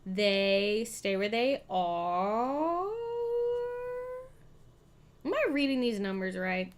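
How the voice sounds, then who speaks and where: A woman's voice: mid-range voice, animated, very slow, noisy background. A woman hosting a live board game stream, chatting, thinking aloud about her moves and thanking her chat. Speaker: streamer host.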